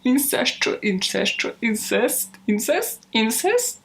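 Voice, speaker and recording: A woman's voice: medium pitch, normal speed. A woman who hosts a true crime channel, chatting casually in outtakes, giggling, mocking herself and swearing freely. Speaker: true crime YouTube host.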